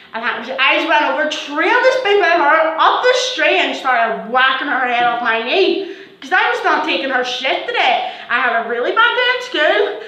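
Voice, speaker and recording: A woman's voice: high-pitched, normal speed. A teenage girl telling a storytime vlog, swearing a lot and acting out what people said. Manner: animated, swearing, acting out quotes in bursts. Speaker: vlogger. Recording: echoey room.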